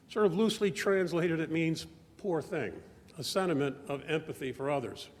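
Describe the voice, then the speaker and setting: An older man speaks in a slightly raised voice, telling family memories in a measured, reflective way. His words ring out with a long reverb, as in a big church sanctuary. He is a church member giving a testimony talk from the lectern. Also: a little high. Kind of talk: personal testimony speech.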